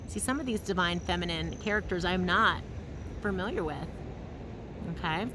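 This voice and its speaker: A woman giving an intuitive tarot reading outdoors, talking slowly and dreamily and humming between thoughts. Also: on the low side, noisy background. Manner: slow, dreamy and emotional, humming often. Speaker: tarot reader. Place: field outdoors in the mountains.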